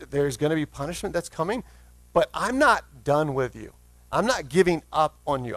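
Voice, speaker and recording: A man preaching a sermon as pastor, earnestly reading scripture slowly and then explaining it in plain words. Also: a little high, no echo.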